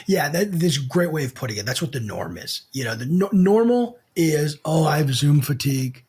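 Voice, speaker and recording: A man's voice: fairly high pitch, sing-song, fairly quick, darkish tone, slightly rough. A man co-hosting a casual business podcast, blunt and emphatic, swearing freely as he talks. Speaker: podcast co-host.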